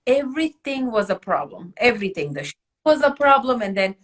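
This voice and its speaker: A woman in the beauty trade chatting casually, telling a client story with lively acted-out dialogue. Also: on the high side, a little fast. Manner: animated, acts out quoted dialogue. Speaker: microblading artist and academy host.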